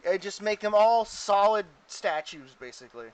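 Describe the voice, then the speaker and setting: A man's voice: high voice, animated, moderate pace, clean tone, no room sound. A young man running a tabletop game as game master, often breaking into laughter as he narrates. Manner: giggly, laughs through his narration.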